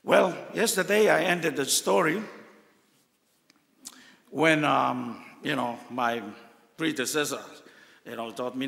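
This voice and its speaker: Older Tongan man, heartfelt and gravelly. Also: on the high side, lively intonation, a bit bright, long reverb tail. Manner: emotional, heartfelt storytelling with pauses. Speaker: cardinal giving a talk. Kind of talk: personal testimony talk.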